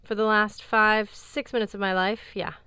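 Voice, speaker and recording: A woman's voice: medium pitch, level tone, normal speed, sharp tone, clean tone, dry recording, voice pushed up. A woman reading an audiobook, voicing a fierce, bitter young woman warrior in a brusque, sardonic tone. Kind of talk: audiobook character voice.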